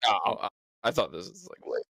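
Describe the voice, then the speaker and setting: A man's voice: fairly low pitch, big pitch swings, fairly quick, a bit bright, husky, no echo. A man co-hosting a podcast in casual chat, blunt, sarcastic and profane. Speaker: podcast co-host.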